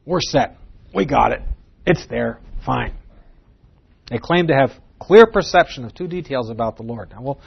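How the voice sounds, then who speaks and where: A man's voice: mid-range voice, lively intonation, normal speed, vocal fry, husky, lo-fi sound. A man teaching verse by verse through a Bible passage, earnest and emphatic, posing rhetorical questions to his listeners.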